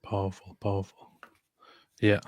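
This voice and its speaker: A man's voice: low-pitched, monotone, a little slow, a little mellow, no room sound. A man hosting a casual live stream, reading out viewer comments with dry quips. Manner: reads chat comments aloud, dry quips. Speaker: host.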